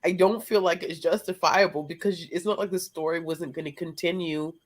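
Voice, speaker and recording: Woman, low voice, teasing, outspoken, casual book discussion. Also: steady tone, brisk. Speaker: book club panelist.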